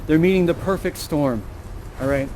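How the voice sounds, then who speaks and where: Chatty, high-voiced male theatre guide. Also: moderate pace, slight background noise. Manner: chatty, animated, tags lines with okay and right. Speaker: actor and guide of an interactive theatre show. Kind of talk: interactive virtual reality theatre. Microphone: VR headset mic.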